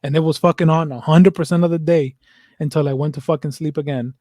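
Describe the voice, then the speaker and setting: A man's voice: on the high side, steady tone, quick pace, darkish tone, dry recording, clean studio sound. A young man co-hosting a podcast, talking bluntly and emphatically about his own anxiety, with heavy swearing. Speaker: podcast co-host. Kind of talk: casual conversation.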